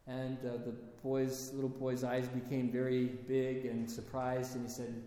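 A man giving a sermon, telling stories in a halting, conversational way with many restarts. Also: medium pitch, monotone, mellow. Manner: storytelling, halting with restarts and fillers. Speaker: preacher. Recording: echoey hall with long reverb.

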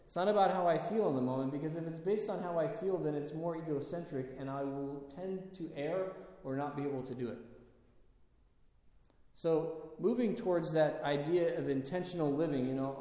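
A man preaching a sermon, his fairly high voice ringing through a large hall with a long, echoing reverb. He talks to his listeners like a storyteller and keeps asking them rhetorical questions. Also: dark tone. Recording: echoey hall.

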